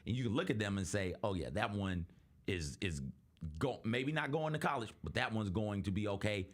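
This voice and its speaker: Earnest low-voiced male talk host. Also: expressive, normal speed. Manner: earnest, storytelling, acts out quoted voices. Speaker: podcast host. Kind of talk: casual sports talk show chat.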